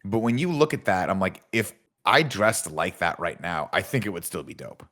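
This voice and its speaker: A man's voice: low voice, lively intonation, normal speed, a bit bright. A man co-hosting a podcast, recapping a movie in a casual, enthusiastic way, laughing often and swearing freely. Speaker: podcast co-host.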